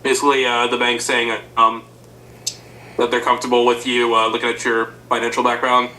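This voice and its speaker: Brief: male student, bright tone, flat delivery, halting and unsure. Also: medium pitch, a little hiss or hum, low-quality recording. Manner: hesitant, with fillers. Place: classroom.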